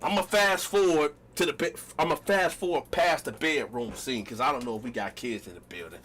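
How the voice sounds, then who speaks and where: A man telling a personal story in a casual storytime vlog, animated and slangy, talking straight to his viewers. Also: medium pitch, brisk, slight background noise. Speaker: storytime vlogger.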